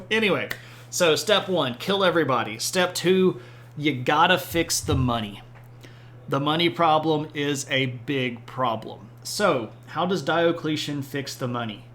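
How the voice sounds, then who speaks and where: A man's voice: a little high, unhurried, a bit bright. A man from the Southern United States giving a casual, rambling live-streamed history lecture, breaking off to chat with his audience. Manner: rambling, chatty, responds to chat with asides.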